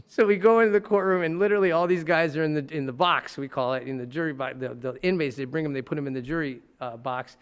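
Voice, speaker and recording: A man, a trial lawyer, telling animated courtroom stories in casual podcast talk. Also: fairly high pitch, quick pace, clear, resonant tone. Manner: animated, acting out courtroom scenes. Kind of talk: storytelling in casual podcast chat.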